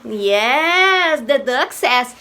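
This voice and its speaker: A woman teacher with a Brazilian accent, a native Portuguese speaker, giving a slow, coaxing English lesson to babies. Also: high-pitched, animated, sharp tone. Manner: slow, coaxing, playful animal noises.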